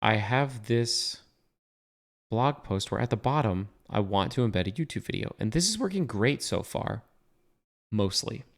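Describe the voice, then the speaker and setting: A young man with a fairly low voice walks through a coding tutorial as he shares his screen. He talks casually and thinks aloud, with plenty of fillers and self-corrections along the way. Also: expressive, measured pace, creaky. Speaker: web developer teaching a coding tutorial.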